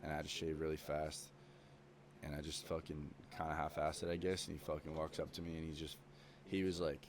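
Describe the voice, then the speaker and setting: Young male podcast guest, low-pitched, loose and profane storyteller. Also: level tone, a little fast, a little hiss or hum. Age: young adult. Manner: swears constantly, rambling with many fillers. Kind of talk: casual chat.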